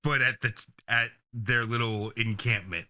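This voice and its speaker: A tabletop game player describing what his character does, in an unhurried, hesitant way. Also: medium pitch, steady tone, sharp tone.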